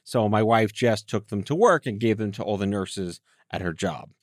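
A man's voice: on the low side, expressive, normal speed, no room sound, clean studio sound. A man co-hosting a podcast, chatting casually with goofy, joking asides. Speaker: podcast co-host. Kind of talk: casual chat.

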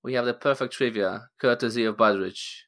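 A man co-hosting a podcast, reading out a trivia question in a mock-glum, deliberate way. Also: medium pitch, a bit bright.

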